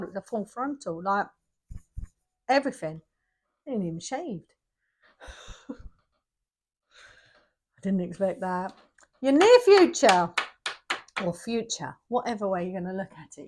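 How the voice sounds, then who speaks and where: A middle-aged woman gives a casual tarot reading, chatty and emphatic, repeating herself for effect with bursts of energy. Her voice is medium-pitched and a little mellow.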